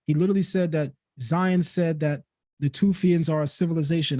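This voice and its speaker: A young man of Caribbean descent hosts a heated late-night live stream, speaking in a slightly high, steady, mellow voice a little on the fast side. The studio sound is clean with no room echo, and he stresses words and repeats himself emphatically to drive his points home.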